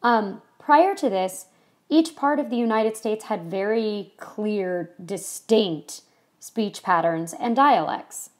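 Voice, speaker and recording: A woman's voice: mid-range voice, slow pace. A woman from California giving a casual history lecture to a class, chatty and full of ums and you-knows. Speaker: history teacher.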